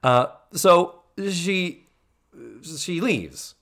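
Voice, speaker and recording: A man's voice: sits high, drawn-out words. A man co-hosting a casual podcast, recapping sitcom episodes and quoting the characters in playful voices. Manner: animated, quotes characters in put-on voices. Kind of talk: casual chat.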